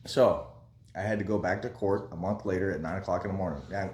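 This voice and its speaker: A man's voice: deep voice, steady tone, quick pace, darkish tone, echoey room. A man in his forties from Kentucky telling a long story in a rambling, chatty way, with fillers. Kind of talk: casual storytelling.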